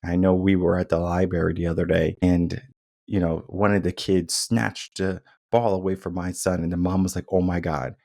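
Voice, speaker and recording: A man's voice: low-pitched, level tone, moderate pace, creaky, mellow. A young adult man hosting a podcast, talking in an emphatic, repetitive way and acting out quotes in changing tones. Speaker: podcast host. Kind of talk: casual monologue.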